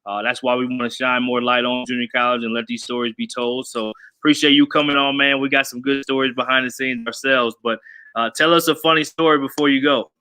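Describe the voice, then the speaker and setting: A man's voice: medium pitch, flat delivery, brisk, bright, forceful tone, clean tone. A man hosting a sports podcast, chatting in a friendly, casual way and often calling his guest "man". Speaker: podcast host. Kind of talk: casual interview chat.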